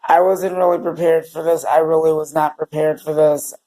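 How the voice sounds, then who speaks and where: A male vlogger talking to his viewers in a tearful, emotional way, halting and close to crying. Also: on the high side, flat delivery, dark tone, rough recording. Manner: emotional and halting, often addressing viewers as "you guys". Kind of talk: personal video diary.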